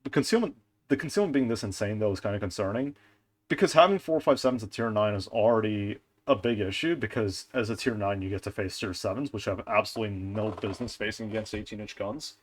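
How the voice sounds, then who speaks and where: A young man giving casual commentary on game stats, animated and ranting, with frequent fillers and restarts. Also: lowish voice, quick pace. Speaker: gaming content creator.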